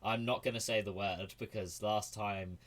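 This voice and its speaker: A young man hosting a casual podcast over a voice call, relaxed, laughing often and swearing offhandedly. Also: fairly low pitch, normal speed. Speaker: podcast host. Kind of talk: casual chat on a gaming podcast.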